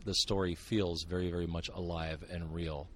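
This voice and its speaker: A man's voice: low voice, moderate pace, slight background noise. An older man from Montana, a guest author telling stories in a casual, joking podcast interview. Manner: joking, sarcastic, animated storyteller. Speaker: guest, author and Bigfoot researcher.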